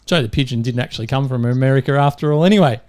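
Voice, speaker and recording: A man's voice: medium pitch, rapid-fire, a little mellow. A man with an Australian accent hosting a podcast, chatty and upbeat, laughing easily. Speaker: podcast host. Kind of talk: casual chat.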